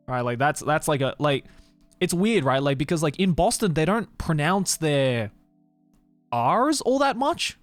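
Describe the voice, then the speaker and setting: A man's voice: a little high, very animated, normal speed, dry recording, soft background music. An Australian man streaming and chatting casually, rambling with lots of fillers and restarts. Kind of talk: casual livestream chat.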